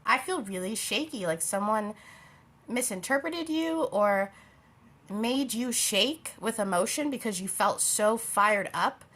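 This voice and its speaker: A woman's voice: medium pitch, expressive, a little slow, a bit bright. A young woman giving a casual tarot reading to her viewers, chatty and rambling, often losing her thread and laughing. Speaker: tarot reader.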